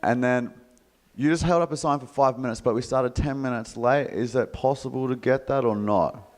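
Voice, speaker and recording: A man's voice: mid-range voice, moderate pace. A man with an Australian accent telling a jokey story to a live audience, acting out the voices of the people in it. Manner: animated, jokey, acts out quoted voices. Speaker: motivational speaker. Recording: reverberant hall.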